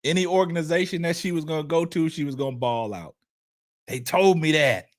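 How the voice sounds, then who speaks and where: A man hosting a casual sports call-in livestream, speaking in a loose style, animated and repetitive, hoarse and choked up, answering the chat as he goes. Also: a little high, a little fast. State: choked up, coughing. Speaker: livestream sports show host.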